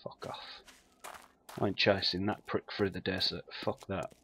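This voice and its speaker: A man's voice: low voice, level tone, moderate pace, background noise. A man giving casual, muttering commentary while he plays a survival game, swearing freely. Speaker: let's play gamer.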